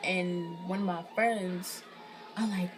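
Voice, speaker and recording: A woman's voice: fairly low pitch, takes it slowly, music in the background. A young woman vlogger casually telling a personal story, slangy and profane, acting out what people said. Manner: animated, slangy, profane, acts out quotes.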